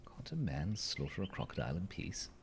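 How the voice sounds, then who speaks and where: A man's voice: deep voice, sing-song, brisk, a little hiss or hum. A man chatting playfully through a game as a let's-play host, joking with the creatures on screen. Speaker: gaming channel host.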